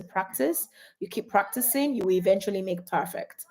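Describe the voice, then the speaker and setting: A woman coaching couples on a live stream, animated and repeating her points to the audience. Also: medium pitch, moderate pace. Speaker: relationship coach.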